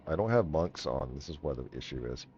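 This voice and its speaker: Very deep-voiced man running a game. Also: animated, fairly quick, darkish tone, a little hiss or hum. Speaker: game master. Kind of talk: running a tabletop game over a call. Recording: muffled online call audio.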